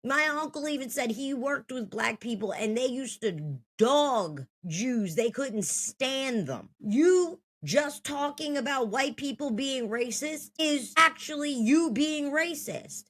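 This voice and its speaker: A woman's voice: high-pitched, expressive, slow pace. A woman in her thirties telling a story from her own life in a blunt, heated, profane way. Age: 30s.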